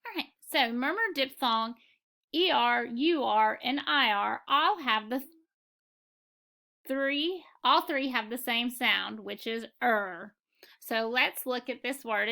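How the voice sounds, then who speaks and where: Slow, bright-voiced woman phonics teacher. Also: fairly high pitch, creaky. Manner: patient, spells out sounds and models words. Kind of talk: slow, clear classroom instruction.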